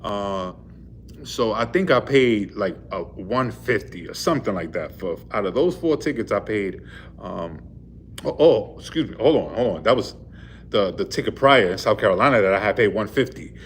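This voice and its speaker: This man, a truck driver, has a fairly low voice and tells his police story with animation at a moderate pace. It's a relaxed vlog shot in his vehicle, rambling and full of fillers, with a little background hiss or hum.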